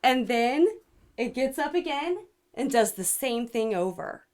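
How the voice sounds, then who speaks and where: A woman's voice: fairly high pitch, a little slow. A woman ufologist telling a dramatic story in an interview, acting out what people said. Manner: excited, acts out quoted speech, voice climbs when alarmed. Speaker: ufologist guest.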